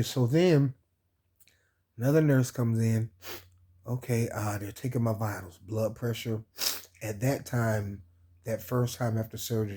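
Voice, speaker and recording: A man's voice: mid-range voice, mellow, breathy edge. A man casually telling a personal story, laughing often, sore and recovering from surgery so that laughing hurts. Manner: laughs often while telling, addresses listeners as y'all. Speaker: vlog host.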